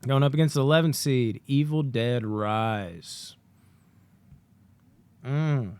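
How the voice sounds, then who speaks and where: Excitable, profane man debating movies. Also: medium pitch, slow pace, clear, resonant tone, no room sound. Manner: excitable and profane, acts out villain lines. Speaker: podcast co-host.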